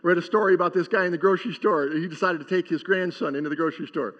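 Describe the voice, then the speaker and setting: A man with a fairly high voice preaches a sermon in a loose, joking style and keeps checking in with the congregation. The sound is dull and muffled. A long reverb rings around his words, as in a large church. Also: very fast, fairly bright tone. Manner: conversational and joking, asks the congregation for responses. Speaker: pastor.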